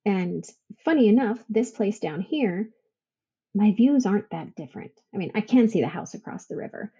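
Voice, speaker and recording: Warm, husky woman telling a story. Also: medium pitch, animated, normal speed, highs cut off. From Idaho, United States. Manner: emotional storytelling, laughs often, quotes others. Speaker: podcast guest, veteran business owner. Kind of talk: casual interview storytelling.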